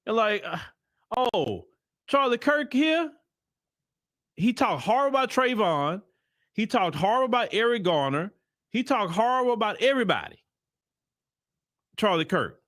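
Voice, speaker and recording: A man's voice: high voice, fairly bright tone, no room sound, clean studio sound. A man hosting a livestream commentary, talking in a heated, rambling way full of repeated restarts. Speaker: host and commentator.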